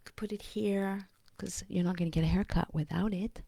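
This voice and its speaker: A woman vlogging in a casual, rambling monologue, often dropping to a breathy whisper and speaking bluntly with profanity. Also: medium pitch, fairly even intonation, moderate pace, dark tone, no echo.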